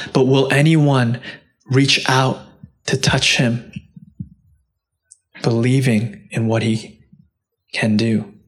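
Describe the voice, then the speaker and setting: The speaker is a pastor giving a sermon with sincerity and directness. Passionate climaxes alternate with soft, low passages when he reads quotations.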